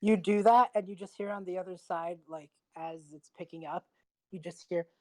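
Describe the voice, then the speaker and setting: A woman narrating a tabletop game as game master, telling the scene with lively, giggly energy. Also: fairly low pitch, normal speed.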